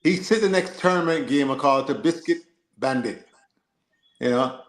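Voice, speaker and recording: A man co-hosting a football live stream, reading and answering chat in an animated, joking way. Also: medium pitch, normal speed, echoey room. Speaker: livestream co-host.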